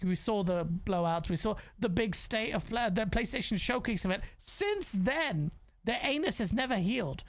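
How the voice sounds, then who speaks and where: A man hosting a gaming podcast rants animatedly in casual chat, swearing freely and stumbling through restarts. His voice is very high-pitched and creaky.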